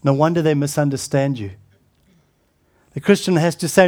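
An earnest middle-aged man preaching a sermon in a slightly higher voice. He often sinks to a hushed, solemn tone and restarts his words as he goes. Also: normal speed, pauses often. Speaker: pastor.

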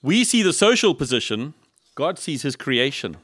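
A man's voice: medium pitch, normal speed, no echo. Guy preaching, tons of rhetorical questions and little jokes, dry close sound. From South Africa. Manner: lively, rhetorical questions and humorous asides. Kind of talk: sermon. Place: church in Liverpool.

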